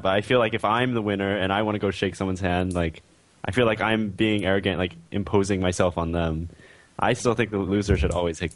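A man on a gaming podcast, giving his view in a measured way with stammered restarts. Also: lowish voice, no echo. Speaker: podcast panelist. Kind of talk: podcast discussion.

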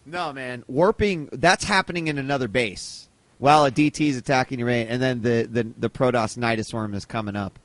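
A man in a casual gaming chat, talking in an excitable, emphatic way and swearing. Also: medium pitch, a little fast, no room sound.

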